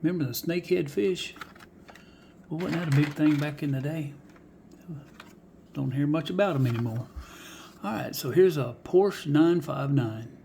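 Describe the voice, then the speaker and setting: A man's voice: on the high side, moderate pace, gravelly, pauses often, dark tone, slight background noise. A man showing off die-cast cars in a casual vlog, folksy and musing aloud, often dropping to a whisper. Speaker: die-cast car collector showing finds. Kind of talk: casual show-and-tell vlog.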